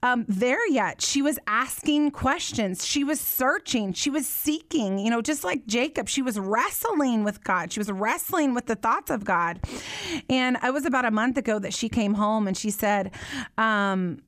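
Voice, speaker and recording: A woman's voice: fairly high pitch, lively intonation, a little slow, fairly bright tone, no echo, studio quality. A woman in her thirties hosting a live Q&A chat, talking earnestly and animatedly, with lots of fillers. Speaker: host.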